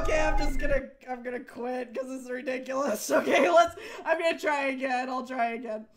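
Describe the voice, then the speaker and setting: Very high-pitched woman squealing at a game. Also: moderate pace, few pauses, shouting. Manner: jumpy, squealing at scares, giggly. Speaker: gaming YouTuber. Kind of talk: horror game let's play commentary. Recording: game music playing behind.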